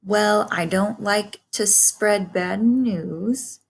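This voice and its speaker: A woman's voice: mid-range voice, very slow, gravelly, husky, heavily acted. A woman voicing a blunt, gossipy old female sheep while reading a storybook aloud. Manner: blunt, matter-of-fact.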